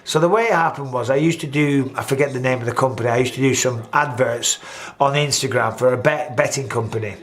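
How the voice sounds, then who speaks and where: A man's voice: medium pitch, fast talker. A man, hosting a casual chat and acting out what people said, with swearing. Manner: animated, swearing, acts out quotes. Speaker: host.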